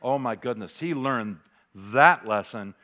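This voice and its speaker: A man's voice: mid-range voice, a little slow. Dramatic preaching pastor, man. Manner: dramatic, varies loudness, drops to near whisper for emphasis. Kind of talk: sermon.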